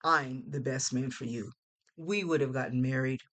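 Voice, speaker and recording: A woman's voice: rumbling low, steady tone, normal speed, a bit bright. A woman reading the lines of a resentful young man, an ex-lover who sneers in bitterness. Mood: aggrieved. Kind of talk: audiobook character reading.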